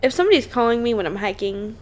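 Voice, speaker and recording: A young woman guest co-hosting a podcast, a teacher chatting animatedly with quick reactions. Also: a little high, animated, darkish tone. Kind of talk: casual chat.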